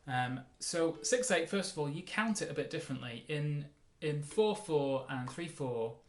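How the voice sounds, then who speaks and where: A man teaching a mandolin lesson, explaining in a relaxed way and counting the beats aloud. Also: a little high, normal speed, a little hiss or hum. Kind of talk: casual music lesson. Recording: roomy sound with mandolin playing.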